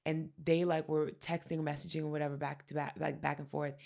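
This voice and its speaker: A woman co-hosting a podcast, telling pop culture stories in a casual, animated way and acting out the quotes. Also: low-pitched, a little fast, gravelly, hardly any pauses. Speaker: podcast co-host. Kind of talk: casual chat.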